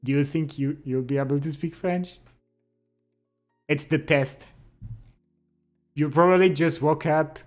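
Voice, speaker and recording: A young adult man streams live, chatting with his viewers in an unhurried, drawn-out way. He reads their messages aloud and teases them playfully. Faint music plays quietly behind his voice. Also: fairly high pitch, steady tone. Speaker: livestreamer. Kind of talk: casual chat with viewers.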